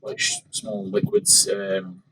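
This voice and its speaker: A man's voice: low-pitched, huge pitch swings, slow, noisy background. A man, a podcast guest and open water swimmer, casually telling a story with many fillers and quoted thoughts.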